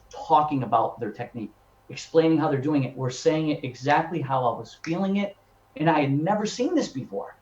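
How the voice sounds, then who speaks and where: A man in his fifties talks through his years as a singer in an animated, chatty way, circling back and repeating words as he thinks. His voice sits a little high for a man. The recording is roomy and echoey, with a dull, lo-fi tone. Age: 50s. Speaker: professional singer and voice teacher. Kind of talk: casual interview storytelling. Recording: echoey room, dull lo-fi sound.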